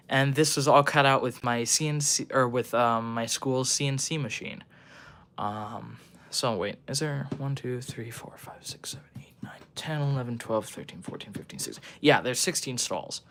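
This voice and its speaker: Young guy casually chatting on a stream at his workbench, rambly and quick. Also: medium pitch, fairly bright tone. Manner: rambling, full of ums and restarts, fast talker. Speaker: livestream host. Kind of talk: casual livestream chat.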